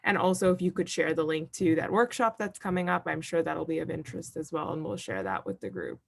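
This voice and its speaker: A woman's voice: sits low, animated, fairly quick, vocal fry. A woman hosting a webinar who reads out audience questions and thanks the guest. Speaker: webinar host. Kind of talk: moderating a webinar Q&A.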